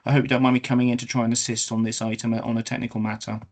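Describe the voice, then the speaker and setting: A man giving measured technical advice to a council meeting. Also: medium pitch, flat delivery.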